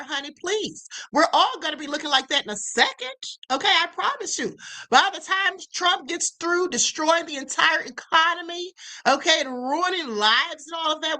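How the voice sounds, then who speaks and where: A woman's voice: sits high, pushed and bright. A woman hosting a live stream, giving casual commentary in an emphatic way and calling her viewers "honey.". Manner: emphatic, keeps saying "okay" and "honey"; laughs and teases her viewers. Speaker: livestream host.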